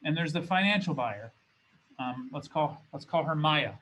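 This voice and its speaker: A man's voice: on the high side, animated, normal speed, fairly bright tone, poor audio. A man teaching as a business school professor in a recorded lecture, talking in a conversational way and often restarting his phrases. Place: classroom or studio with a document camera.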